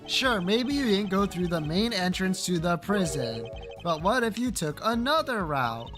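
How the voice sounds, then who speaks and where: A player reading the lines of a calm, formal male prosecutor in a measured courtroom manner, over faint game music. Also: mid-range voice.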